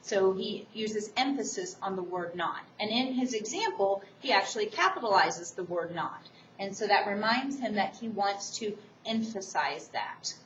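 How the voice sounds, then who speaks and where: A woman public speaking instructor giving a recorded course lecture, explaining the assignment in a quick, enthusiastic way. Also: medium pitch, fairly bright tone, slight background noise. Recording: distant, roomy, dull recording.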